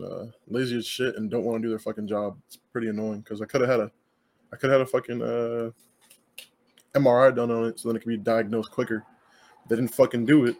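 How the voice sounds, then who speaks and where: A man's voice: mid-range voice, a little mellow. A young man co-hosting a casual podcast, talking in a blunt, laid-back, profane way. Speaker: podcast co-host. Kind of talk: casual chat.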